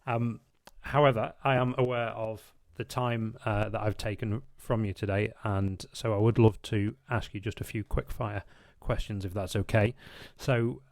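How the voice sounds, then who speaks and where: Polite low-voiced male podcast host. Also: creaky, a little mellow, no room sound. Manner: polite, hesitant with fillers. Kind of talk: interview questions.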